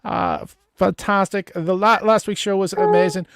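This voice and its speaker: A man's voice: high-pitched, fairly even intonation, moderate pace, dry recording. A man hosting a relationship advice livestream, chatting casually with viewers and guests, stumbling over restarts and swearing freely. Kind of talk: casual livestream chat reading viewer comments.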